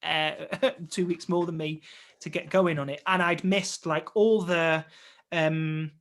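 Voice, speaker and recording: A young adult man, an actor and interview guest, telling his story in a lively, casual way and acting out remembered conversations. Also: on the high side, slow.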